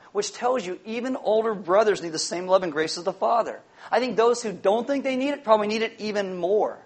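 High-voiced man preaching a sermon. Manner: emphatic, repeats key lines, slows for emphasis. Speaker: pastor.

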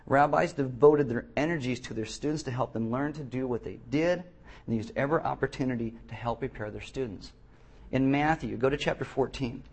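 A man preaching a sermon, animated, reading scripture aloud with emphasis and acting out the quotes. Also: mid-range voice, fairly quick, husky.

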